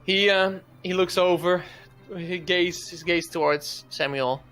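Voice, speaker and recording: Man running a tabletop game, higher voice. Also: steady tone, measured pace, faint music behind. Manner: casual, laughing, narrates with sudden loud bursts. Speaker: dungeon master. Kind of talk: narrating a tabletop game over a stream.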